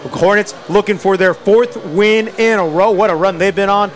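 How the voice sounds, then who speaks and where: A man with a high voice calls a high school football game play by play. He talks quickly through the routine snaps and rises to excited shouts when a runner breaks free. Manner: excitable, shouts on big plays. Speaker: play-by-play announcer. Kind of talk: live sports play-by-play commentary.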